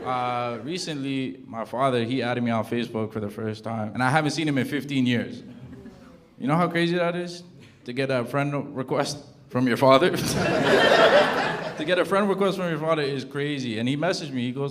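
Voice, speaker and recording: A man from Toronto doing a stand-up comedy set in front of a live audience, telling his stories in an animated way and acting out the voices of the people in them. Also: mid-range voice, normal speed. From Toronto, Canada. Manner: animated storytelling, acts out quoted voices loudly. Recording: loud audience noise and laughter.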